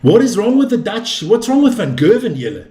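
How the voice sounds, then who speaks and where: A man's voice: sits high, very animated, fairly quick, dark tone. A man in his fifties hosting a live darts stream, calling scores and chatting casually with viewers. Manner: chatty, calls scores and answers viewer chat. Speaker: darts commentator and stream host. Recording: roomy echo.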